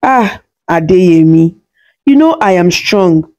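A woman voicing a kind, loving old village grandmother who talks warmly and slowly in a storybook tale. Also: fairly low pitch, animated, lo-fi sound. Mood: warm teasing. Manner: warm, teasing, slow.

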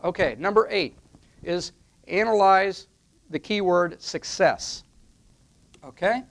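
Gravelly man teaching step by step. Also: high voice, takes it slowly. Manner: step-by-step, emphatic, repeats with "okay?". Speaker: online marketing consultant. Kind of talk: instructional talk at a whiteboard.

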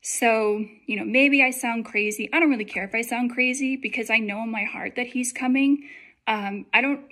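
A woman's voice: a little high, normal speed, fairly bright tone. A young woman telling a dream in casual testimony, chatty and full of fillers. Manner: chatty, many likes and fillers.

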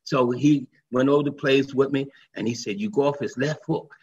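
A man's voice: mid-range voice, normal speed, a little mellow. An older man and former football player, telling stories in an interview and acting out the voices he quotes. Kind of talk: storytelling interview. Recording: dull lo-fi remote line with faint noise.

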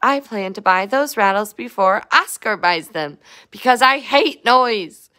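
A woman voicing a bossy little girl in a storybook read-aloud, talking high and insistent. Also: expressive, measured pace, pushed and bright. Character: bossy little girl who hates noise.

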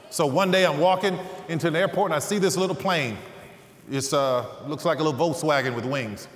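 A man preaching a sermon through humorous, animated personal stories. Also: a little high, brisk, slight background noise. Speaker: guest preacher. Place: large church hall stage. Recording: echoey hall, faint ambience.

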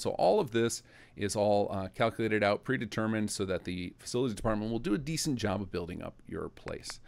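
A man with a gravelly, fry-laden voice that sits a little low, explaining game features in an easygoing, talk-as-you-go way. He is the mod's developer narrating a screen-recorded tutorial, pausing and correcting himself as he navigates menus. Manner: casual, explanatory, thinking aloud.

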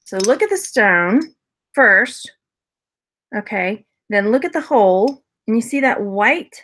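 A woman's voice: fairly high pitch, animated, slow, a bit bright. A woman casually chatting through a jewelry unboxing haul as a reseller vlogger, rambling, laughing often and answering viewer comments. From Texas.

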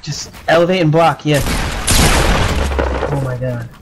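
A man's voice: on the high side, unhurried, breathy edge. A man teammate calling out enemy positions and coaching urgently during a match. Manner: urgent, coaching, repeating callouts. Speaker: teammate giving callouts. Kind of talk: casual gaming callouts.

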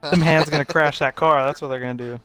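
A man's voice: a little high, fairly even intonation, quick pace, music in the background. A young man chatting with friends over a game, joking, swearing and trash-talking. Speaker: gaming friend. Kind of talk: casual gaming chat.

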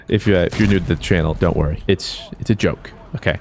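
A man giving jokey, excitable commentary while playing a shooter game, dropping to low mutters and then breaking into shouted cheers. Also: fast, hardly any pauses, a little hiss or hum. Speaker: gaming YouTuber. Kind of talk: live gameplay commentary. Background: faint gunfire from the game.

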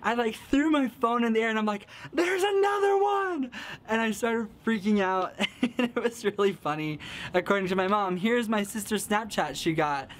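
A young man from the American Midwest, excitable and giggly, telling a casual storytime vlog full of fillers. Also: high voice, moderate pace. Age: young adult. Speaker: vlogger.

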